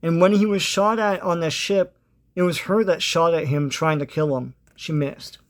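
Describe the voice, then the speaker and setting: A man with a fairly high voice retells a comic book story at a normal pace. He's casual and hesitant, filling his speech with ums and uhs and chuckling now and then.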